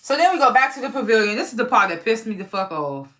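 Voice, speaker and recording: A woman casually recapping a TV episode, profane and animated, often laughing and acting out the characters' lines. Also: a little high, fast. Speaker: TV recap reviewer.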